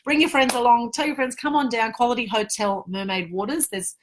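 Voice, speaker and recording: A woman's voice: on the high side, fairly even intonation, brisk, slight background noise. A woman with an Australian accent hosting a casual interview, effusive and enthusiastic. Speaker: host.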